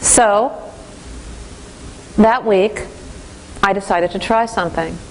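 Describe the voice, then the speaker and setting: A woman's voice: mid-range voice, slow, a little hiss or hum, poor audio. A woman giving a parenting training lecture to a class, telling stories and acting out voices. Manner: lively storytelling, acts out voices.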